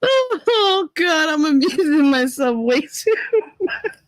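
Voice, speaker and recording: A woman with a high voice hosts a casual livestream and tells crude, giggly stories at an unhurried pace. She laughs through her own punchlines. The recording is close and dry, with no room sound. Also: sing-song, no room sound, rough recording. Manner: giggly, crude, storytelling, often breaks into laughter. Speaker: livestream host. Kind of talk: casual chat with live chat.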